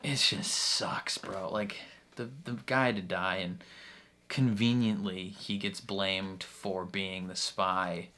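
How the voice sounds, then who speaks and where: Rambling man recapping a show, lowish voice. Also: level tone, slow, fairly bright tone. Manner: rambling, many restarts and fillers, laughs often, gets heated. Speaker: reaction video host. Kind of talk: casual recap of a TV episode.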